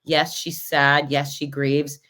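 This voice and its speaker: Low-voiced woman telling race stories. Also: slow. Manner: animated, acts out quoted voices. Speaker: podcast host and race announcer. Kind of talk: casual storytelling recap.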